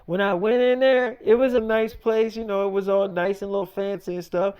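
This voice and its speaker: A man's voice: sits high, little pitch movement, a little fast, darkish tone, clean tone. A man telling an improvised story in a casual, profane, rambling way and acting out the voices of the people in it.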